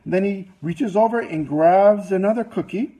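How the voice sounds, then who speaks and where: A man tells a rambling story to a business audience in a fairly high, husky voice. His tone is mellow rather than bright, and his telling is loose and chatty, full of fillers and asides. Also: normal speed, muffled recording. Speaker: business presenter.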